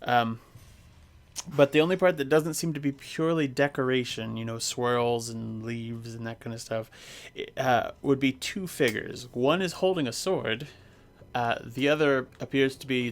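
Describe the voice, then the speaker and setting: A man acting as game master, describing an online tabletop game scene haltingly, with many fillers. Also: mid-range voice, fairly even intonation. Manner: hesitant, filler-heavy description.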